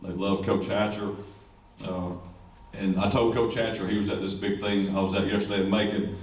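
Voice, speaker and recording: A man, a high school football coach giving a rambling, joking ceremony speech. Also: level tone, moderate pace. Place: school event room. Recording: echoey room, distant mic, faint noise.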